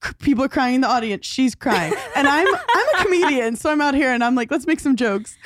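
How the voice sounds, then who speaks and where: A woman with a high voice tells animated stories as a podcast guest, acting out the people in them. The sound is dry and close, with no room around her. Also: a little fast, dry recording. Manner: animated storytelling, acting out quotes. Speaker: comedian guest. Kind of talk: casual podcast chat.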